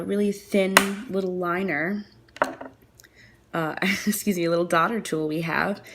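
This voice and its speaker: A woman's voice: medium pitch, gravelly. A woman talking through a nail art tutorial in a chatty, apologetic way, thinking aloud as she works. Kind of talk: casual tutorial narration.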